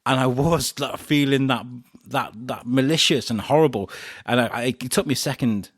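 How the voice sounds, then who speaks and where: A man tells stories in a relaxed podcast chat, animated and quick to laugh. His voice sits at an ordinary middle pitch. The sound is dry and close, with no room echo. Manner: animated storyteller, laughs often. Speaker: podcast host being interviewed. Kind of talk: casual chat.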